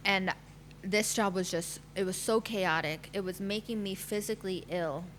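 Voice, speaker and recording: A matchmaker in her thirties appears as a podcast guest and tells her personal story candidly, with lots of fillers. She speaks at medium pitch and a moderate pace, in a bright, forceful voice, over a faint hum.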